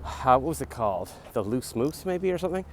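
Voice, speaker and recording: A man's voice: mid-range voice, big pitch swings, a little fast. Forty-something guy jogging and rambling into his phone outside, faint traffic hum. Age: 40s. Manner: rambling, self-deprecating, chatty asides. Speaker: vlogger. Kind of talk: casual rambling vlog while jogging. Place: outdoors on a city street. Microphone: phone camera held while jogging. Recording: faint street noise outdoors.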